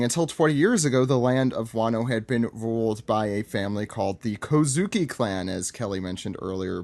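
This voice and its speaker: A man's voice: mid-range voice, no echo, clean studio sound. A man co-hosting a podcast, recapping a manga chapter in a playful, joking way. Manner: playful, jokey, reads lines aloud. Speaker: podcast co-host. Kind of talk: casual manga recap chat.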